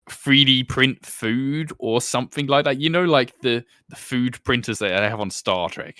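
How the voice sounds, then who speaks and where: A man narrating as game master of a tabletop game in a relaxed, chatty way, often laughing. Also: medium pitch, no room sound, studio quality.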